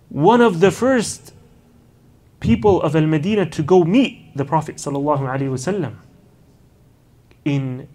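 His voice leans high yet has a darkish tone as he lectures without hurry on early Islamic history. He relates stories and keeps adding Arabic honorifics and casual "you know" interjections.

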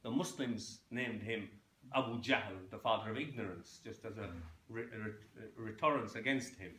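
Halting man lecturing in an echoey room. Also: lowish voice, a bit bright, slight background noise. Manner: halting, repeats words and fillers; checks in with listeners, asking "yeah?". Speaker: Islamic history teacher. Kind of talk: informal lecture on lineage.

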